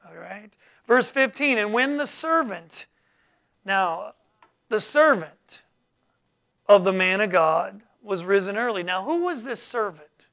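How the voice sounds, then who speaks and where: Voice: medium pitch, animated, creaky, a bit bright. A preacher teaching from the Bible in a sermon, reading verses aloud, explaining them, and calling out to the congregation for responses. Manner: halting, with many fillers and restarts.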